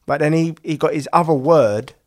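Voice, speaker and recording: A man's voice: fairly high pitch, moderate pace, a little mellow. A man, co-hosting a casual podcast chat, telling rambling stories full of fillers and restarts. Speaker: podcast co-host.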